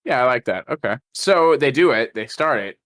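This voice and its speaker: A man's voice: mid-range voice, lively intonation, normal speed, fairly bright tone. A man co-hosting a podcast, retelling film scenes in casual chat, full of fillers and restarts. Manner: rambling, lots of fillers and restarts. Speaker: podcast co-host. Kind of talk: casual movie-recap chat.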